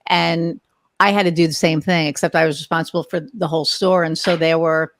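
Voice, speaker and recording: A woman in her sixties hosts a podcast in a casual, conversational interview style, telling rambling, chatty stories and joking about her age. Her voice is deep, with fairly even intonation and a fairly quick pace. A slight hiss or hum sits under the recording.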